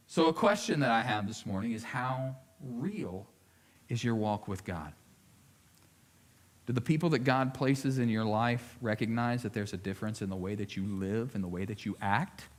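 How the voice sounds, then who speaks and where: A male lead pastor preaching a sermon, swinging between loud emphasis and hushed appeals, often repeating words as he gathers his thoughts. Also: medium pitch.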